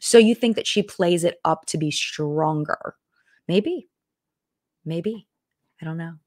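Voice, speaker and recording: A woman's voice: sits low, moderate pace, a little mellow, no echo, clean studio sound. A young adult woman hosting a casual live-stream chat, talking in a chatty, rambling way with lots of fillers and restarts as she answers viewer comments.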